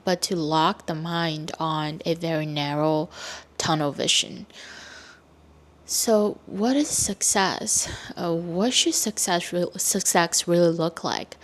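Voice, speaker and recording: A woman creator speaking in a thoughtful, reflective monologue, pausing and restarting as she works through her ideas. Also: lowish voice. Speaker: video creator.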